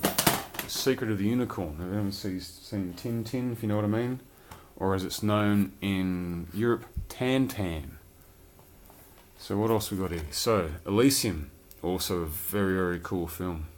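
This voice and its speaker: Man, very low voice, casual rambling chat, light swearing, faint background noise. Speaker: collector showing his films.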